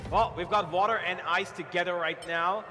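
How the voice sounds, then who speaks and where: A man's voice: high-pitched, steady tone, moderate pace, sharp tone. A man calling a competitive video game match play by play, building hype on big moments and bantering with his co-caster. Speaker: esports caster. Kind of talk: play-by-play commentary. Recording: hall reverb with clear noise.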